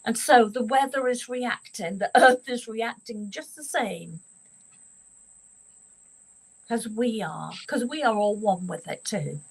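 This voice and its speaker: A woman's voice: a little high, slow pace, vocal fry, pauses often, husky, low-quality recording. Earnest woman from Ireland. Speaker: guest. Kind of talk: live online chat show.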